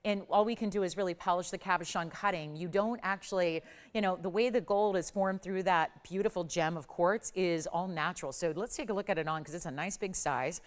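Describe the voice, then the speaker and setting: A woman's voice: fairly low pitch, a little fast, few pauses. A middle-aged woman hosting live TV jewelry sales, chatty and gushing in an upbeat sales patter. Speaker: shopping channel host. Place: TV studio.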